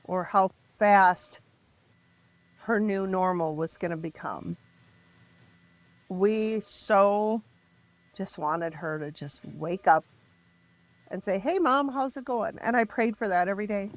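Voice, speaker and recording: A middle-aged woman telling her story as a podcast guest, raw and emotional, halting and restarting as she speaks. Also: mid-range voice, no room sound. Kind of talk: candid personal storytelling.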